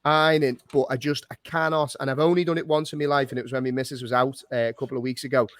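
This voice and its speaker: A man's voice: mid-range voice, fairly even intonation, rapid-fire, a bit bright, dry recording. A man hosting a casual podcast chat with friends, swearing freely and rambling through restarts. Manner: swears often, laughs along, rambling restarts. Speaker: podcast host.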